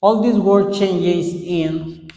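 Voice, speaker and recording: Slow, deliberate male English teacher. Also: high voice, dark tone. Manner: slow, deliberate drilling, repeating words for students. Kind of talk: online English grammar lesson. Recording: echoey room with long reverb.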